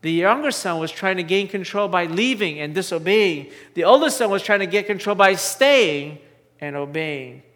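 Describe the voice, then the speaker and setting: A man's voice: high-pitched, lively intonation, moderate pace, a bit bright, big-room sound. A male pastor giving a sermon in a conversational way, often asking his listeners questions. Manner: conversational preaching, asks the audience questions.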